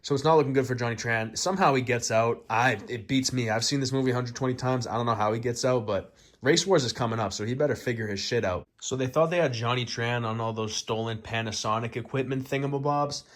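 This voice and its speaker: A man's voice: medium pitch, quick pace. A young man casually recapping a movie, rambling and swearing as he goes. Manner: rambling, profane, conversational. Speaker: movie reviewer.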